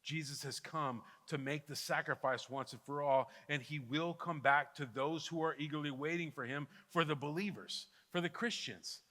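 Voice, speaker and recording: A middle-aged man preaching a sermon as pastor, swinging between loud fervent appeals and hushed intimate pleas. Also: a little high, normal speed, few pauses. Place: church sanctuary. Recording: long hall reverb with soft guitar underneath.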